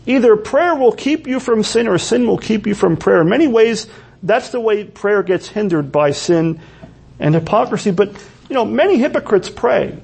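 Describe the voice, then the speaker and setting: A man's voice: high-pitched, expressive, moderate pace, creaky, darkish tone, breathy edge. A man preaching a sermon in a church, earnest and full of rhetorical questions. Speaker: pastor.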